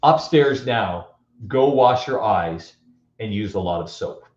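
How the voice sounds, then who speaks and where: A man voicing a smug older boy who quietly fakes disgust to tease his little brother. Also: a little high, slow pace, highs cut off, pitched above the performer's own voice. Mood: bossy. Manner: hushed, mock-disgusted sniffing.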